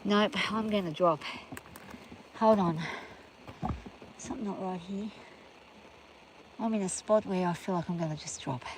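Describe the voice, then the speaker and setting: An exhausted, overheated woman talking anxiously to herself as she films while walking outdoors on rough ground. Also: medium pitch, a little slow, long pauses. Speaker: farm vlogger. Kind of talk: casual self-filmed chat while walking. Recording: loud outdoor background noise.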